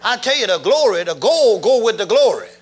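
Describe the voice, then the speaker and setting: A middle-aged man preaching a sermon, animated, laughing and shouting as he goes. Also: sits high, a little fast, slightly rough.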